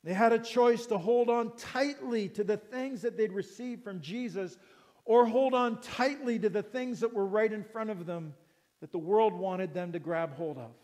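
A middle-aged pastor with a high, somewhat dark voice preaches an earnest sermon without hurrying. He repeats phrases and keeps questioning his listeners, and his words ring with the long reverb of a large church hall.

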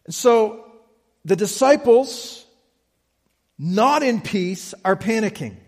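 A man preaching a sermon, slow and emphatic, often checking in with the listeners. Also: high-pitched, lively intonation, darkish tone, breathy edge, in a large hall. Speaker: pastor.

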